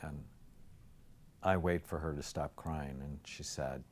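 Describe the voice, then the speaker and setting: A man lecturing as a brain health teacher, telling patient stories in an animated way that swings from loud emphasis to soft near-whispers. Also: very deep voice, slow, pauses often. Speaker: psychiatrist lecturer. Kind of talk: storytelling lecture.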